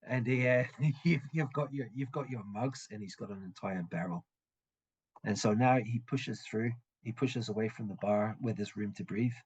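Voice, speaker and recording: Husky male game master, halting. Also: lowish voice, a little mellow, lo-fi sound. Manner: halting, full of ums and restarts. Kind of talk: narrating a tabletop game.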